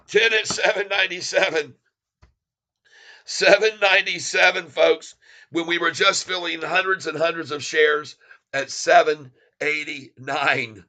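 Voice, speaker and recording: A man giving live stock-trading commentary, gleeful and excitable, reading out prices and chuckling at the market. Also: fairly high pitch.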